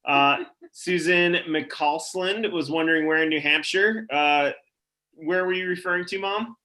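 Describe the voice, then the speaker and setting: Chill upbeat guy hosting a live stream, bright voice, reads comments. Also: on the high side, measured pace. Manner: upbeat, casual, reading out audience comments. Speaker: event host.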